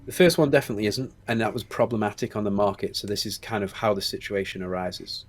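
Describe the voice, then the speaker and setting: A man's voice: on the low side, steady tone, quick pace. A man in his forties with a Stoke-on-Trent accent, a screenwriter talking candidly in an interview, reflective and hesitant with many restarts. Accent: Stoke-on-Trent English. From England. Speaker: screenwriter and producer guest.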